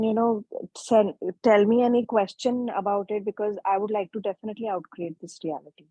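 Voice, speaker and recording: A woman caller on a coaching call, asking a question hesitantly with halting restarts, heard over a video call. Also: mid-range voice, no echo. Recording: dull, dry video-call audio.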